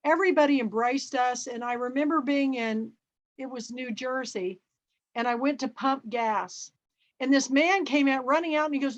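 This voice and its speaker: A middle-aged woman from Kansas hosting a club chat, telling a story in a lively, chatty way over a video call. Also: sits high, normal speed. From Kansas, USA. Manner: chatty, lively storyteller who acts out dialogue. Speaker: book and film club host. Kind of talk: casual chat with anecdotes. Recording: dull, muffled audio.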